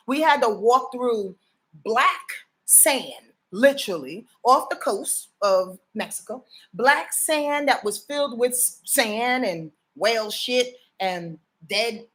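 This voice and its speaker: Woman astrologer, live-stream host. Higher voice, punchy, profane, sermon-like asides to her viewers. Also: fairly bright tone. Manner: emphatic, profane and preachy, often asks the audience to confirm. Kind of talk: casual live-stream talk.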